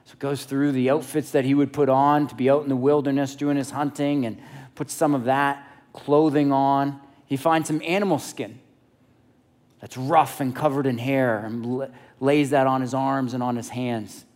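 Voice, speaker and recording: Man preaching with animated storytelling. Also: medium pitch, moderate pace. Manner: animated, conversational retelling with asides. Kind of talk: sermon storytelling.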